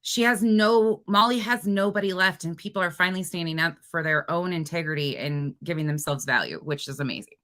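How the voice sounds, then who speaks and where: A woman hosting a true crime livestream, chatting casually and reading viewer comments aloud in an energetic, expressive way. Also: on the low side, fairly quick, hardly any pauses.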